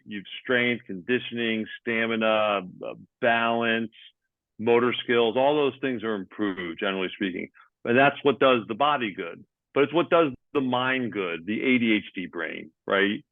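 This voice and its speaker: A man's voice: medium pitch, no echo, phone-quality sound. A man, a sports coaching manager as guest, explaining step by step with many hesitant ums. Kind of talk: explanatory interview answers.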